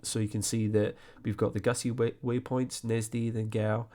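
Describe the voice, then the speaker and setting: A man hosting a screen-recorded flight sim tutorial, explaining step by step in a relaxed way with frequent fillers. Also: medium pitch, moderate pace.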